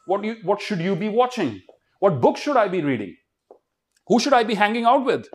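Male motivational speaker, slightly high voice, swoops a lot, fires questions at a student crowd. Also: a little fast. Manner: animated, keeps quizzing the audience and leading call-and-response. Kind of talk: motivational talk to a student audience.

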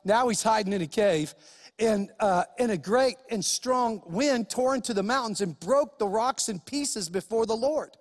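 A man's voice: high-pitched, unhurried, big-room sound. A pastor preaching a sermon, emphatic and speaking straight to his listeners with rhetorical questions.

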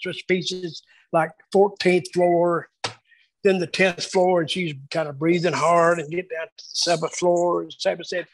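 A man reminiscing casually about his years booking shows, telling lively anecdotes and acting out the quotes. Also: on the high side, a little hiss or hum, low-quality recording. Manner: animated storyteller acting out quotes. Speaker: wrestling booker telling stories.

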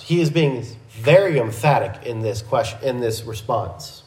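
A man teaching a verse-by-verse Bible lesson in a measured, methodical way, with small restarts. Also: medium pitch, expressive, a little mellow, reverberant, low-quality recording.

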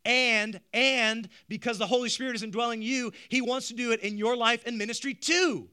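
A male pastor preaching a sermon, animated, with rhetorical questions and frequent stammered restarts. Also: very high voice, normal speed, clean tone.

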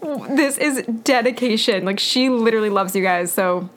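A woman's voice: on the high side, moderate pace, slight background noise. A young woman co-hosting a podcast in casual chat, talking loosely with lots of fillers and laughing often. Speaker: podcast co-host.

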